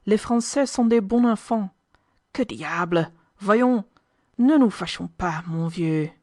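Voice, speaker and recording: A woman's voice: medium pitch, lively intonation, measured pace, a little mellow, dry recording, clean studio sound, lightly acted. A woman voicing a cheerful, condescending French army officer in an audiobook. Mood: jovial. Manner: jovial, condescending.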